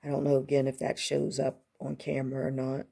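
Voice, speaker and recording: A woman with a low voice and a gravelly fry talks through her decor at home in a relaxed, chatty way. She fills her talk with ums and little unsure asides, filming on a handheld camera that she moves in close. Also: fairly quick. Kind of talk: casual show-and-tell walkthrough. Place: at home beside a kitchen cart. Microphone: handheld camera moved up close.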